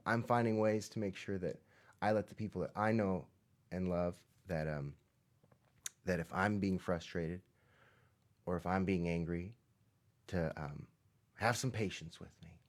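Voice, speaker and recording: A man hosting a live music and movement lesson for children, chatting straight to the kids in an upbeat way and often dropping to soft, near-whispered asides. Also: low voice. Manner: swings from loud excitement to soft near-whispers. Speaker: children's music teacher and host. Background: faint background music.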